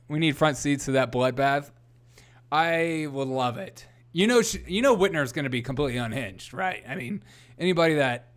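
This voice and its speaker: A man's voice: medium pitch, smooth. A young man hosting a casual political livestream, reading headlines aloud, greeting chat viewers and often laughing.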